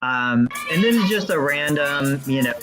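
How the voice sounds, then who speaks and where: A male podcast co-host in casual talk. He speaks in a relaxed, conversational manner and describes things plainly. Soft music sits faintly in the background. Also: fairly high pitch, moderate pace, poor audio.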